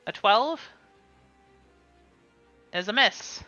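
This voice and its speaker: A woman's voice: mid-range voice, expressive, drawn-out words, sharp tone, no echo, dull audio, soft background music. A woman running a tabletop game as game master, calling rolls and describing attacks with small laughs. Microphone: streaming mic.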